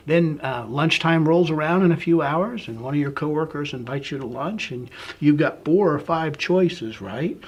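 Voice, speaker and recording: A man being interviewed, walking through a long hypothetical scenario in a relaxed, storytelling way and often checking in with "right?". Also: on the high side, normal speed, few pauses, husky, dull audio. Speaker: interviewee, business founder.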